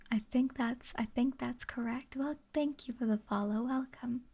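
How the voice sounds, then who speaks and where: Soft giggly woman, gravelly whisper. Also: fairly high pitch, fairly even intonation, measured pace. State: sleepy. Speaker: ASMR streamer. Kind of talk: soft-spoken ASMR chat. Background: rain ambience.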